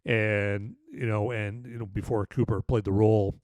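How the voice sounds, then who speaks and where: A man's voice: on the low side, fairly even intonation, normal speed, darkish tone, no echo. A man hosting a podcast and casually reviewing a film, rambling with many restarts. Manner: rambling, full of "you know" and restarts. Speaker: podcast host and movie reviewer.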